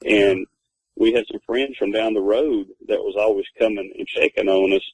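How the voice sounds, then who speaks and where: A man's voice: fairly low pitch, fairly even intonation, normal speed, breathy edge, no echo, rough recording. A man, rambling through a personal story as a guest, with many fillers and restarts. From Texas. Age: 50s. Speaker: guest telling his encounter story. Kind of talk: casual spoken storytelling.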